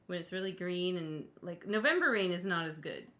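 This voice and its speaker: A woman's voice: lowish voice, lively intonation, brisk, fairly bright tone. A woman co-hosting a painting show, chatting playfully and laughing easily. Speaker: co-host. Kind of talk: casual chat.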